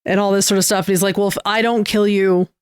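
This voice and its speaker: A co-host walks through a comic plot in a loose, relaxed way, with plenty of fillers along the way. The voice sits at a middle pitch. The recording is dry and close-miked. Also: fast talker, clean tone, no room sound. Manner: relaxed recapping, many fillers like "like". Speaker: podcast co-host. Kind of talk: casual comic book chat.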